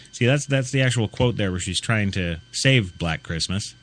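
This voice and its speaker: A man's voice: on the low side, expressive, moderate pace, hardly any pauses, a bit bright. A man hosting a talk radio show, ranting in an indignant, sarcastic way full of rhetorical questions. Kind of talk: ranting opinion commentary.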